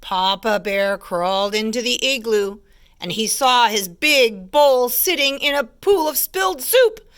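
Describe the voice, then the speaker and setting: Woman teacher, storybook read-aloud, lively pitch, slow, bright voice. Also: clean tone. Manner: expressive, hushed asides about pictures.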